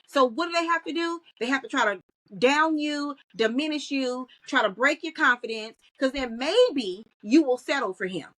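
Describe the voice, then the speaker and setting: A woman, a guest in a podcast interview, talking in an animated storytelling way. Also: high voice, moderate pace, rough recording. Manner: animated storytelling, acts out quoted voices. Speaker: guest, content creator.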